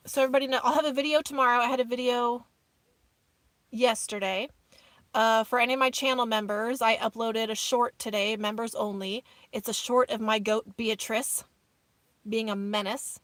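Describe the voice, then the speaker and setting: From inside her minivan on an off-grid camping trip outdoors, a vlogger hosts a casual live stream, reading out viewer comments and calling them "y'all." Her voice is on the high side with a fairly bright tone, and there's no echo.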